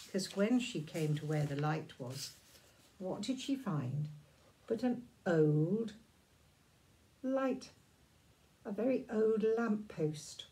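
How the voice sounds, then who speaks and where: A woman reading a children's story aloud, in a gentle, drawn-out and expressive manner. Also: lowish voice.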